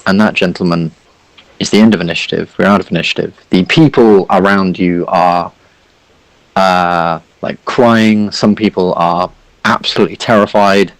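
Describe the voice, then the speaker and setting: A man's voice: deep voice, steady tone, normal speed, no room sound, poor audio. A man narrating a tabletop game as game master, rambling with lots of fillers.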